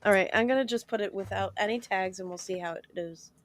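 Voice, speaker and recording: A woman's voice: mid-range voice, fast. A woman co-hosting a casual livestream, chatty and upbeat. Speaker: livestream co-host.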